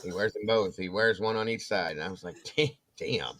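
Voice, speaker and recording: In a casual chat, this co-host spins an animated story and gives each quoted person their own voice. He speaks briskly, his voice leaning low.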